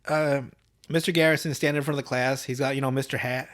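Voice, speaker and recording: A man co-hosting a podcast, recapping a cartoon episode in animated, profane casual chat. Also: medium pitch, quick pace. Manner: animated, profane, laughing storyteller. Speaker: podcast co-host.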